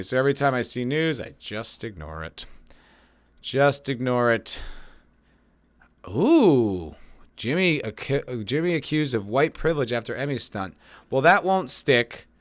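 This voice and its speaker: A man's voice: medium pitch, fairly bright tone, dry recording. Sarcastic man riffing on the news. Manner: sarcastic, rambling, swears freely. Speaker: podcast host. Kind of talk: casual solo commentary reading news.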